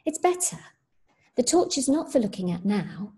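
A woman teacher reading a short story aloud in a measured, expressive way. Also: medium pitch.

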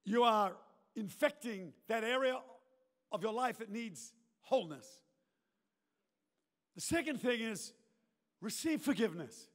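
A male pastor preaching an emphatic sermon in a large church auditorium, repeating his lines and rising to shouted prayer. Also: sits high, animated, a little slow, long pauses. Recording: long reverb of a large church hall.

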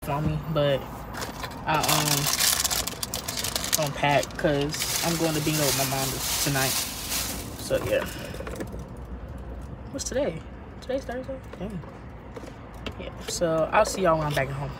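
A woman's voice: low-pitched, unhurried, long pauses. A young woman, chatting casually and rambling to her phone camera in a vlog. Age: 20s. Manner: chatty, rambling, uses dialect slang. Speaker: vlogger. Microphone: phone camera held close. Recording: phone recording with clear background noise.

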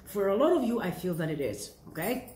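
A woman's voice: medium pitch, very animated, brisk, a little mellow. A woman giving a casual tarot reading to camera, playful and chatty, often asking rhetorical questions and answering them herself. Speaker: tarot reader. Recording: echoey room with faint hiss.

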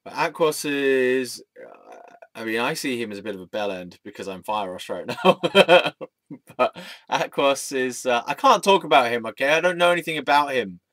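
A man's voice: mid-range voice, expressive, moderate pace, a bit bright, no room sound. Young man, vlog monologue, scattered and giggly, swears, loses his thread, dry voice with no room sound. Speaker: vlogger. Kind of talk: rambling stream-of-consciousness monologue.

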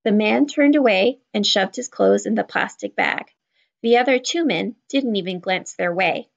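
A woman reading a children's novel aloud in a steady, even storytelling voice. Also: on the high side, creaky, lo-fi sound. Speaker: children's book reader. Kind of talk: read-aloud narration.

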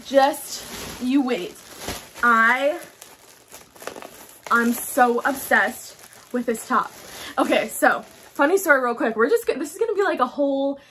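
A young woman talks into her phone camera at home, her voice sitting high and light. She gushes, trails off and restarts in breathless, chatty excitement, full of fillers. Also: measured pace, long pauses, slight background noise. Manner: bubbly, gushing, chatty with many fillers. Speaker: fashion haul vlogger. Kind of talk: casual excited chat to camera.

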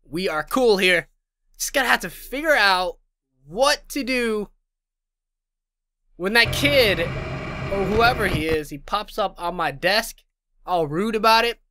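A man's voice: high-pitched, slow, pauses often, noisy background. A man giving casual horror game commentary, talking to his viewers, getting frustrated and yelping at sudden scares. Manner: frustrated, excitable, talks to viewers, sudden loud yelps. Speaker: gaming channel host. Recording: game music loud under voice. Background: game music.

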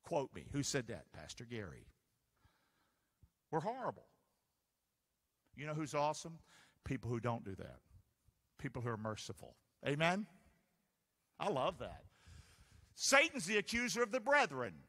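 Male pastor, animated call-and-response preacher; fairly high, bright voice heard in a hall with long reverb. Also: moderate pace, long pauses, slightly rough. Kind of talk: sermon. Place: church sanctuary.

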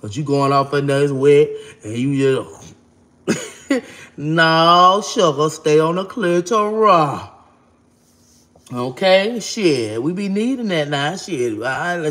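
A woman vlogging casually to camera, talking bluntly and brashly, cursing freely, with an animated, expressive delivery. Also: low voice, takes it slowly, long pauses.

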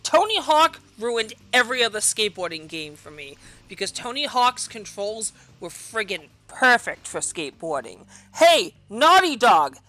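A woman hosting a gaming video, giving loud, furious gameplay commentary full of swearing. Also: fairly high pitch, big pitch swings, unhurried, hardly any pauses.

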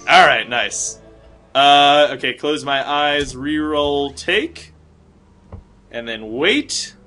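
A man's voice: fairly high pitch, lively intonation, extremely slow, sharp tone, soft background music. A man hosting a let's-play, chatting casually while he plays. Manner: chatty, laughing, muttering to himself. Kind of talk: casual gameplay commentary.

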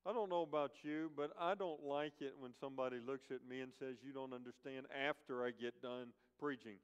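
A man's voice: mid-range voice, fairly even intonation, brisk, clean tone. Man preaching a sermon in a reverberant hall. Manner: emphatic, repetitive storytelling. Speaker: guest preacher. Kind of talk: sermon with storytelling. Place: church sanctuary. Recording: dull church-hall recording with long reverb.

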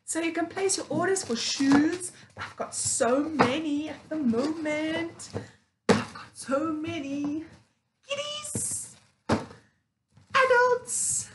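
A woman selling shoes who gushes over her delivery in a casual unboxing vlog, repeating herself with excitement. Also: high voice. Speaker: online seller. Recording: echoey room with background noise.

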